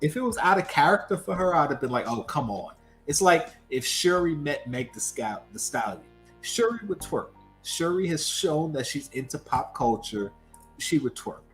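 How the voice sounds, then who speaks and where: A man co-hosting a livestream, talking casually about pop culture in an animated, emphatic way full of rhetorical questions. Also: fairly high pitch, moderate pace, soft background music. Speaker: livestream co-host.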